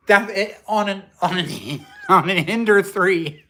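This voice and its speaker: A man's voice: sits high, normal speed, few pauses, sharp tone. Rambling man chatting on a livestream. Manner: rambling, frank, laughs at himself. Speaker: livestream host, maker. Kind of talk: casual livestream chat. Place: home garage workshop.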